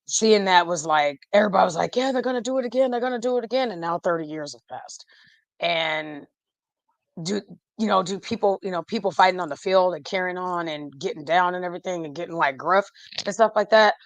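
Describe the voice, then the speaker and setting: A lowish-voiced woman, talking football in a loose, rambling way. She laughs often and drifts off mid-sentence. Her voice sits close and dry, with no room sound around it. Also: no echo. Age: 40s. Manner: chatty and animated, laughs often, trails off. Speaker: podcast guest. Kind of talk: casual fan chat.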